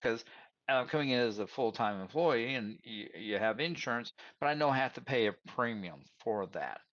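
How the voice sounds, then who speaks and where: A man's voice: mid-range voice, expressive, moderate pace, a bit bright, dry recording, muffled recording. A man giving casual career advice, telling stories and acting out both sides of conversations, calling his listeners "y'all". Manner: storytelling, acts out both sides of dialogues.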